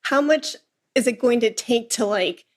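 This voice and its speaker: Female host, animated storyteller, acts out quotes, voice a touch high. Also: measured pace. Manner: lively storyteller who acts out quoted lines. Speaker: podcast host and flute teacher. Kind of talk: casual interview chat.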